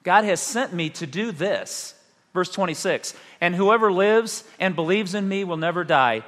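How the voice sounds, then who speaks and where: Male pastor, animated sermon delivery with dramatic pauses; long hall reverb. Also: fairly high pitch. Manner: animated preaching with rhetorical questions and dramatic pauses.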